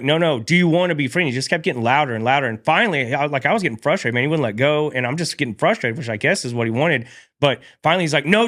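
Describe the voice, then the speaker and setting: A man's voice: medium pitch, a bit bright. A man in his thirties, a podcast guest telling his personal story in casual, slangy talk, tagging sentences with dude, man and bro. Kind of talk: casual testimony.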